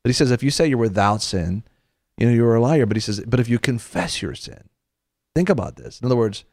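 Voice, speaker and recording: A man's voice: mid-range voice, very animated, brisk, creaky, darkish tone, no echo, studio quality. A man hosting a Christian show who preaches in a conversational way. He tells stories, quotes scripture, often repeats his phrases and leads his listeners in prayer.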